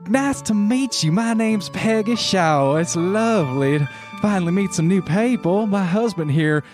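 A man's voice: high-pitched, expressive, unhurried, darkish tone, faint music behind, pitched above the performer's own voice. A man voicing a cheerful young pregnant wife with an American Southern accent, sweet, chatty and proud. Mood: friendly.

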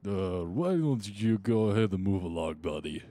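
A man's voice: deep voice, lively intonation, moderate pace, mellow, dry recording. A man voicing a greedy doorman at a club, putting on a foreign that keeps slipping. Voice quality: put-on foreign accent that slips. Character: male doorman of an Egyptian-themed club, gruff and greedy.

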